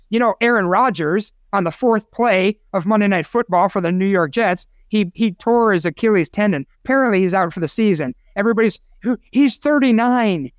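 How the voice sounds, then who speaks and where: A man's voice: sits high, no room sound, studio quality. A man co-hosting a casual podcast chat, opinionated and rambling, getting himself worked up. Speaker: co-host.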